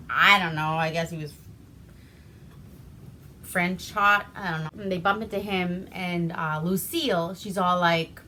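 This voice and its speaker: A woman's voice: on the low side, bright, forceful tone, a little hiss or hum. A woman from Alaska recapping an old movie in a rambling, foul-mouthed, laughing way. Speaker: movie reviewer. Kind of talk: casual profane movie recap.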